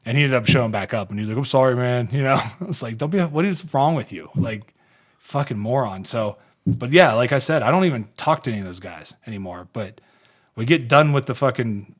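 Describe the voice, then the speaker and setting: A man's voice: medium pitch, brisk. A man in his thirties from Ohio, hosting a podcast and telling rambling, profane, laughing stories about his football career. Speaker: podcast host and former pro football player. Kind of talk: casual podcast storytelling.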